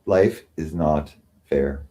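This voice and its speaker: A man's voice: very deep voice, takes it slowly, warm tone. A man hosting a livestream, ranting sarcastically and with self-pity, often mocking others. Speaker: livestream host. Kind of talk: rambling livestream rant.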